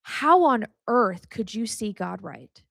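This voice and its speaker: Gravelly, outspoken woman podcast host. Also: fairly high pitch, expressive, slow pace, dry recording, studio quality. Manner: candid, swears freely, speaks with emotion; talks straight to the listener, calls them honey. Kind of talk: casual faith teaching.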